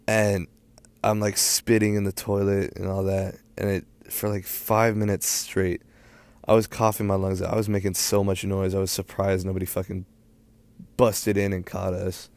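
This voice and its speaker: A teenage guy with a very low, gravelly voice tells a story in a loose, rambling way. He speeds up in quick bursts and leans on fillers. The sound is close and dry. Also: darkish tone, no echo. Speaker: storytime vlogger. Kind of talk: casual storytelling.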